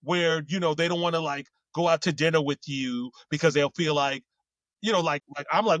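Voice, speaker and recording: A man's voice: a little high, a little fast, fairly bright tone, no echo. A man co-hosting a casual chat, rambling with lots of fillers and restarts. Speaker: co-host.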